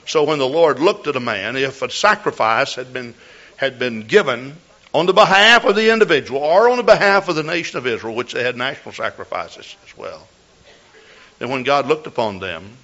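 A man's voice: medium pitch, animated, normal speed, bright, forceful tone. An older man preaching a sermon as a pastor, telling a folksy story with repeated words and restarts. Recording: dull lo-fi recording.

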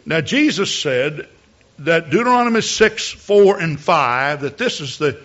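A man's voice: fairly high pitch, animated, a little slow, fairly bright tone, dull audio. A male preacher giving a sermon from the pulpit, often repeating words as he builds a point and rising to emphatic peaks. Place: church pulpit.

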